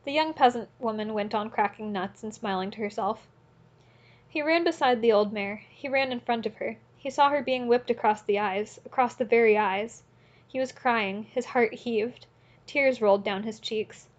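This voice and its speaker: A woman narrating an audiobook in a steady, earnest reading voice, now and then correcting a slip. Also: on the high side, moderate pace, highs cut off. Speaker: audiobook reader.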